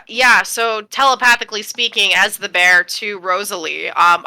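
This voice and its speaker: Hesitant friendly woman player; bright forceful voice, dry recording. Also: lowish voice, dry recording, rough recording. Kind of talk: tabletop game play.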